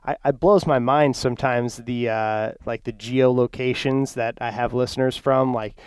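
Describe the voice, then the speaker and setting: A man's voice: medium pitch, fairly even intonation, normal speed, a little mellow, clean tone, no echo. A man from the Upper Midwest hosting a podcast, chatting enthusiastically with lots of fillers. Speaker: podcast host. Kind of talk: casual interview talk.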